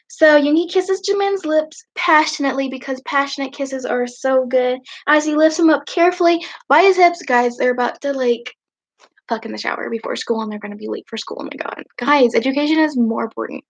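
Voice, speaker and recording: A woman reads fanfiction aloud on a livestream in a casual, high voice. She keeps breaking off for giggly, chatty asides. The stream audio sounds muffled and lo-fi. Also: fairly quick. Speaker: livestream host.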